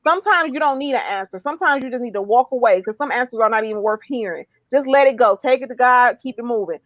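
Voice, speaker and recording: High-voiced fired-up woman ranting. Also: fast, dry recording, lo-fi sound. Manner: animated, exclamatory, fired-up ranting. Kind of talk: casual reality-TV recap chat.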